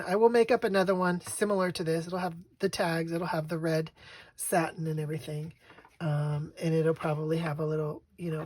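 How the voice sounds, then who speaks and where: A woman's voice: low voice, darkish tone, slightly rough. A woman hosting a casual crafting vlog, chatting in a rambling way as she works at her craft table at home. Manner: chatty, rambling storyteller who laughs often. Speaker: craft channel host.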